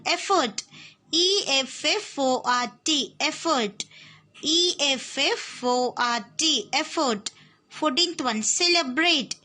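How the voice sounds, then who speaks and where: A woman's voice: high voice, sharp tone. A young woman teacher, giving an online lesson to children and spelling each word out letter by letter.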